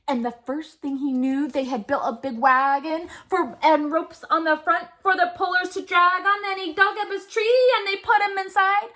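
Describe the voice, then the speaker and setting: A woman's voice: very high voice, lively intonation, normal speed, sharp tone. A woman reading a children's picture book aloud in a playful, rhythmic rap style. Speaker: storyteller.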